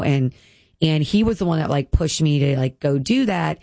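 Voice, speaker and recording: A woman's voice: deep voice, lively intonation, a little fast, dark tone, no room sound. A woman in her thirties, a guest speaking earnestly and emotionally about her health, with many "like" fillers. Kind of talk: candid personal interview.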